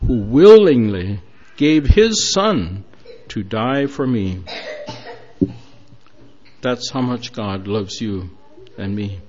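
A man's voice: medium pitch, darkish tone. A man voicing a grieving father who speaks earnestly and from the heart. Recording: dull lo-fi recording.

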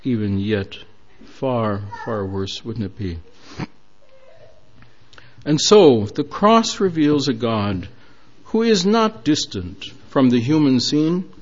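A man preaches a sermon at a slow, deliberate pace, earnest and a little hesitant. The recording is dull and lo-fi. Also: medium pitch, big pitch swings. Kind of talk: sermon storytelling.

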